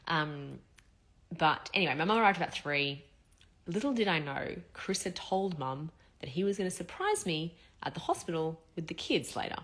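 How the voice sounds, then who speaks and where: A woman tells her story in a chatty, expressive way, blunt and ready to swear. Her voice sits low for a woman, and she sounds like someone recovering from surgery. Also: normal speed. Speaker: vlogger. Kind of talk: casual storytelling.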